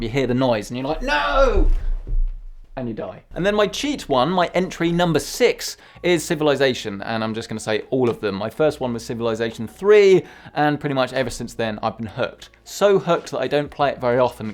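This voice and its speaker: Young male tech vlogger, casual, chatty and self-mocking, mid-pitched voice. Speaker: tech YouTuber. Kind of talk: casual chat.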